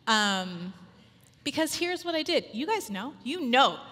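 A woman in her thirties giving a chatty, animated sermon full of personal stories, acting out little quotes. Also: high voice, measured pace. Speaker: speaker at a women's church gathering. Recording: long hall reverb.

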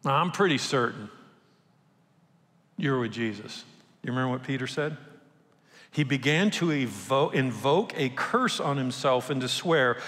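A man preaching a sermon in a relaxed, conversational way, acting out the voices of people he quotes. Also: medium pitch. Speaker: pastor. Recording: long reverb from a large hall.

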